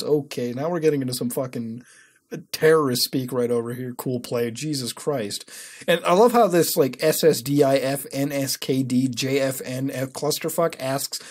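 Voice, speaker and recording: A man in his twenties giving casual, profanity-heavy commentary while browsing websites, with sarcastic rants that jump suddenly higher. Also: normal speed, a little mellow, breathy edge. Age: 20s. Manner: profane, sarcastic ranting with sudden high-pitched outbursts. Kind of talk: casual screen-recording commentary.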